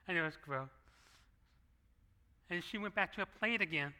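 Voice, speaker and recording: Bright-voiced man preaching conversationally. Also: a little high, expressive, normal speed, long pauses, smooth. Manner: conversational preaching with acted asides. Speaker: pastor. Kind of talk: sermon. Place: church sanctuary. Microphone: handheld microphone.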